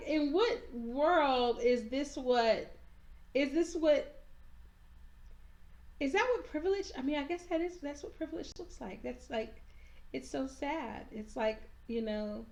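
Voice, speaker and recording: A woman recapping a TV episode in casual chat, animated and sassy, acting out the characters as she goes. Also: on the high side, a little slow. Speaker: TV recap reviewer. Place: at home, handheld camera.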